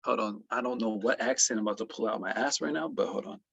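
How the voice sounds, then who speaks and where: A man's voice: lowish voice, quick pace, gravelly, a bit bright, breathy edge, no echo, dull audio. A man teaching an online trading class in a playful, boastful, teasing way. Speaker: trading educator.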